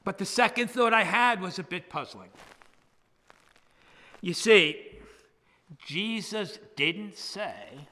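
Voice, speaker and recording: An older man, a priest who was once a hospital chaplain, preaching a measured, emphatic sermon that drops to a hush on key words, in a church. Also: high voice, very animated. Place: church sanctuary. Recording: long church reverb.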